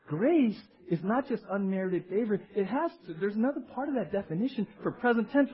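A male pastor delivering an animated, emphatic sermon, calling out to the congregation. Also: high voice, lo-fi sound.

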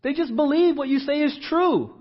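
A male pastor preaching a sermon, moving between loud emphatic repeats and hushed asides. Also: very high voice, moderate pace. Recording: dull lo-fi church recording.

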